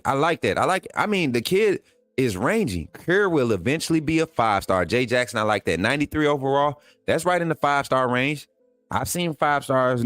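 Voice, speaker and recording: A man hosting a sports livestream, hyping players and reading chat, excitable and repeating himself in casual slang. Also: medium pitch, no echo. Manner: excitable, hypes players, talks straight to viewers; repeats phrases, casual colloquial speech. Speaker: sports channel host.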